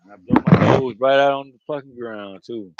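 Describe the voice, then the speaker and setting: A man's voice: mid-range voice, moderate pace, vocal fry, muffled recording, noisy background. A man talking to camera outdoors in a loose, rambling monologue, slangy and profane, often laughing. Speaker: vlogger.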